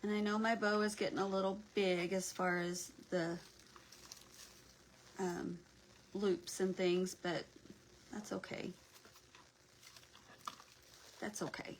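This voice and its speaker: A woman's voice: mid-range voice, flat delivery, slow, long pauses, a little hiss or hum, poor audio. A woman hosting a casual craft livestream, chatting and greeting viewers by name as she works, sometimes dropping to a near whisper.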